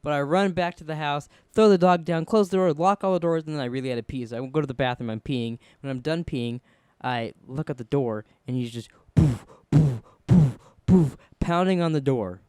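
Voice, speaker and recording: A man's voice: fairly high pitch, brisk, few pauses, a little mellow, smooth, no echo. A young man co-hosting a podcast, rambling through stories in casual chat, acting out quotes and swearing often. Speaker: podcast co-host.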